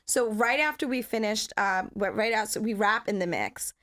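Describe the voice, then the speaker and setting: A woman guest on a podcast, telling a personal story in an animated, vivid way and acting out moments as she goes. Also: medium pitch, moderate pace. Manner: animated, vivid storyteller who acts out scenes.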